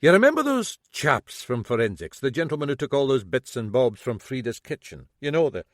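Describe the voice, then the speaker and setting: A man voicing a shrewd, middle-aged Scottish detective who needles a suspect slowly. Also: mid-range voice, big pitch swings, no room sound, clean studio sound, pitched above the performer's own voice, close to an everyday voice. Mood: sly. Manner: slow, needling, toying.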